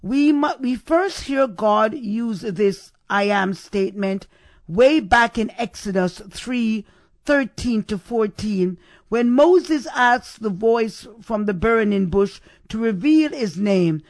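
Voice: medium pitch, expressive, slow pace, no room sound, clean studio sound. A preacher giving a sermon, stressing points and repeating key questions for emphasis.

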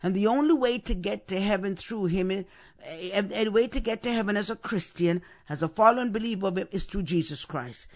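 A man's voice: high voice, brisk. A man preaching a sermon. He speaks with emphasis, repeats words for weight, and often stumbles and restarts mid-sentence.

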